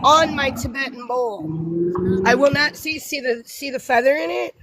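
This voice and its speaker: A woman in casual group chat, unhurried and rambling, often restarting her thoughts, talking outdoors by her hen coop. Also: high-pitched, very noisy.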